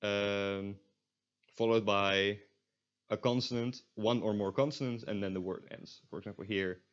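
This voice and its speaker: A man's voice: fairly low pitch, fairly even intonation, unhurried. A young man teaching a beginner's language lesson, explaining step by step with frequent fillers and self-corrections. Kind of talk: recorded online lesson. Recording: dull lo-fi recording.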